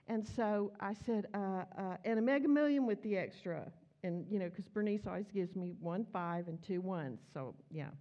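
A woman's voice: a little high, highs cut off. A woman preaching a chatty, storytelling sermon in church, acting out the dialogue as she goes. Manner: animated, chatty, acts out dialogue.

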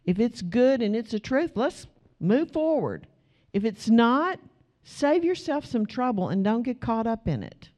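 A middle-aged woman preaches to her church congregation in an emphatic, direct way. Her voice sits slightly high for a woman, and she speaks plainly to the people in front of her. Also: very animated, unhurried, mellow. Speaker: pastor. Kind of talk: sermon.

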